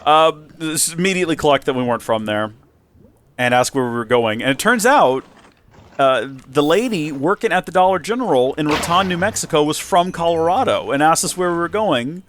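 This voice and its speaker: A man's voice: on the high side, animated, fairly quick, fairly bright tone. An American man hosting his channel, chatting casually in a rambling, self-correcting way with emphatic asides. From United States. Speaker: channel host. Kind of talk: casual vlog chat.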